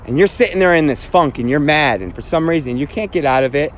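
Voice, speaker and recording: A man's voice: a little high, lively intonation, fast talker, a little hiss or hum. A man delivering a profane motivational rant, blunt and emphatic, swearing constantly. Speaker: self-help vlogger.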